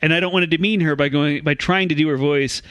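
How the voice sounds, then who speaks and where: A man's voice: a little high, steady tone, fast talker, fairly bright tone, no room sound, poor audio. A man co-hosting a comedic news podcast, reading stories and hesitating self-consciously between laughs.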